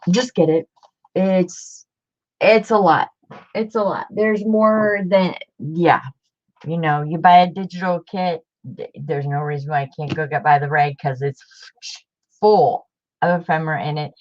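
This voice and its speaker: A chatty woman hosts a homemade craft video, talking loosely to her viewers and circling back with lots of fillers. Her voice sits a little low, and the home-camera sound is dull and muffled. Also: fairly even intonation, unhurried, pauses often. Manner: chatty, rambling, with many fillers and restarts. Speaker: craft channel host. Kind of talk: casual chat to viewers.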